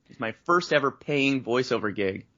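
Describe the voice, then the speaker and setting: Speaking quickly and expressively with a bright, forceful tone, this Canadian guest recalls breaking into voice acting in a meandering, casual chat, doing impressions whenever he quotes someone. His pitch sits in an ordinary middle range, and the recording sounds muffled and lo-fi.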